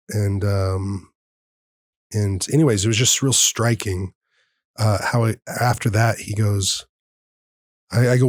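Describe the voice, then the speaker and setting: Earnest low-voiced man in his thirties. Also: flat delivery, a little slow, dry recording, clean studio sound. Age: 30s. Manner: earnest and heartfelt, reenacting dialogue. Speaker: podcast host. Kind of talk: personal storytelling in casual conversation.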